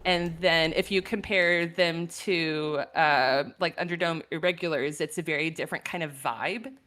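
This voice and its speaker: Woman guest on a casual stream, lowish voice, thoughtful, lots of ums and laughs. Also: steady tone, moderate pace, a bit bright. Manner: thoughtful, laughs often, many "um"s. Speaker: guest artist. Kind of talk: casual livestream chat.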